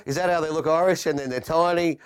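A man's voice: a little high, quick pace, clean tone. A man co-hosting a podcast, bantering and joking with his co-host and laughing often. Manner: joking, laughs often, lively sing-song delivery. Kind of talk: casual comedic banter.

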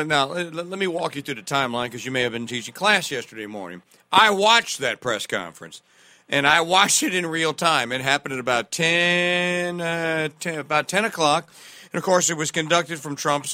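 A man hosting a political talk radio show, animated and sarcastic, often laughing at the news he reads out. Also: a little high, dry recording.

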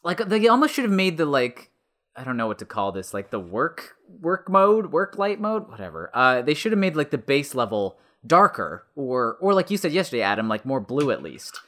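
Enthusiastic man with lively pitch. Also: normal speed. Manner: enthusiastic, searching for words. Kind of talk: casual film discussion.

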